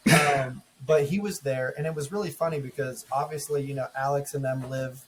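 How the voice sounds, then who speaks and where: A man co-hosting a podcast in casual chat, telling a story with lively acted-out quotes. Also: medium pitch, fairly quick, a little hiss or hum. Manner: animated storyteller, acts out quoted exchanges. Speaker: podcast co-host.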